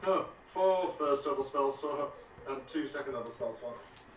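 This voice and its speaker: Male player thinking aloud, mid pitch, off-mic, echoey room. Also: normal speed. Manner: musing aloud while planning spells. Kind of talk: casual tabletop game chat. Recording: echoey room, from a distance, faint noise.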